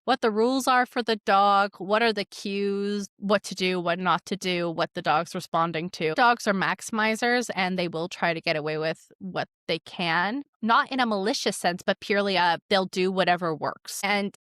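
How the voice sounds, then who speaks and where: A woman's voice: mid-range voice, moderate pace, hardly any pauses, a bit bright, dry recording, studio quality. A young woman who trains dogs, chatting casually and commenting on stories she reads aloud, with lots of "like" and amused asides. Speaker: dog trainer and podcast host. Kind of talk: casual commentary reading online posts.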